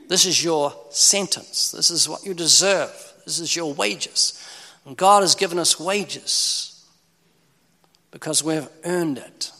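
A man preaches with urgency and pleading force, his loudness swinging sharply between loud and soft. His voice sits high and sounds bright and forceful. A long reverb from a large hall trails each phrase. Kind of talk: sermon.

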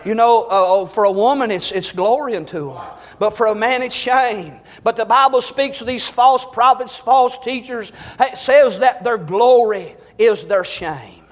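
A man preaching a fervent sermon, rising to shouts. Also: extremely high pitch, unhurried, in a large hall.

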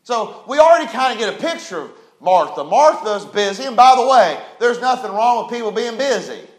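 Male preacher, very high voice, folksy and emphatic, echoey church. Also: expressive, a little fast. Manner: folksy, emphatic, rising to shouts. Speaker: pastor. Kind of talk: sermon.

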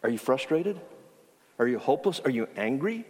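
A man's voice: medium pitch, big pitch swings, normal speed, a little mellow. A man preaching a sermon as pastor, telling a story in a conversational way with frequent restarts. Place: church sanctuary. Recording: long hall reverb.

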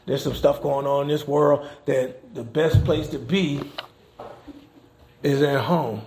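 A male pastor and chaplain preaches a conversational sermon in a church sanctuary, often checking in with the congregation with "okay?". His mid-range voice is slow and darkish with fairly even intonation. The room is echoey with faint noise.

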